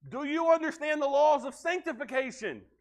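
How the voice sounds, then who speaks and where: A man's voice: extremely high pitch, lively intonation, normal speed, voice pushed up. A man voicing a probing male supervisor angel who questions formally. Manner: formal, interrogating.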